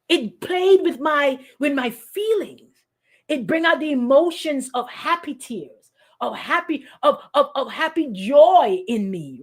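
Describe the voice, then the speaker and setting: A woman pastor with a high voice talks her way through a sermon as if chatting with friends. She is animated and lively, calls out to people in the room by name, and keeps stopping and restarting her sentences. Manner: animated, lively, acts out quoted voices, addresses congregants by name; frequent restarts and repetitions. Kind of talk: conversational sermon.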